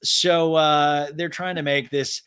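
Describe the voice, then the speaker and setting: A young adult man hosting a podcast, recapping a reality TV episode in casual comedic style and quoting the cast in quick voices. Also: fairly high pitch, clean tone. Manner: animated, quotes cast members in quick acted snippets.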